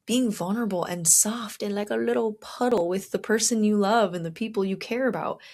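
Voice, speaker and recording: A woman's voice: medium pitch, brisk. A woman hosting a self-help podcast, talking straight to the listener in a casual, coaching way and acting out inner thoughts in little quoted voices. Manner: warm coaching tone, addresses listener directly with "okay?". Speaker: podcast host.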